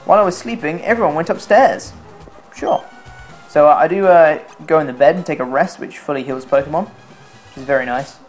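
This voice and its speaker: A man's voice: a little high, a little fast, soft background music. Sarcastic young guy narrating gameplay. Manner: sarcastic, self-mocking, swears freely. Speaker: let's play commentator. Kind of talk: casual gameplay commentary.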